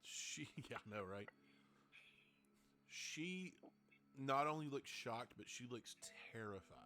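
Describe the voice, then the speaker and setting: A man's voice: mid-range voice, expressive, slow, music in the background. A man narrating as game master of a tabletop game, rambling and correcting himself.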